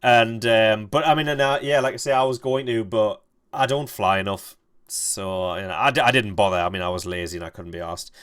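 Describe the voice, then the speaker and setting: A man's voice: on the low side, fairly bright tone, clear, resonant tone. Rambling, foul-mouthed young man streamer. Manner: rambling, halting, swears freely. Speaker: gaming streamer. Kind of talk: casual storytelling while playing.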